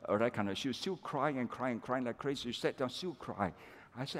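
Pastor preaching in a reverberant church. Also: male voice, mid-range voice, fairly quick. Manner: animated, repeats "okay" and "all right" to the congregation. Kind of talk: sermon with story-telling. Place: large church hall. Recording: long reverb of a church hall.

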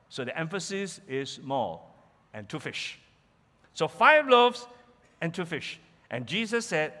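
Male preacher, sermon, animated storytelling, high and lively voice. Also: normal speed. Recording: reverberant hall.

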